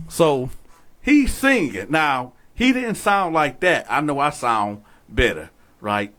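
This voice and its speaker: A man's voice: fairly high pitch, slow pace. Laid-back man telling a prison story. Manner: animated, profane, talks straight to viewers. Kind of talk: casual storytelling.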